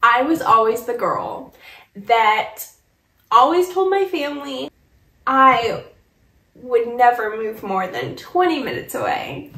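A woman's voice: fairly high pitch, lively intonation, slow pace, pushed and bright. A young woman from Michigan telling a personal story in a casual vlog, getting tearful and laughing through the emotion. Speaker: vlogger. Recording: echoey room.

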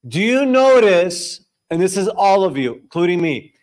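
A young man leading a live group discussion before an audience in a room, telling stories and questioning the room in an animated way. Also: high-pitched, moderate pace. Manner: animated, storytelling, quizzing the audience. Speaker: discussion leader.

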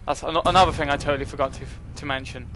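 A young man giving casual, excitable commentary while playing a game, joking and swearing at what happens on screen. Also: a little high, rapid-fire, a little hiss or hum. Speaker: gaming commentator.

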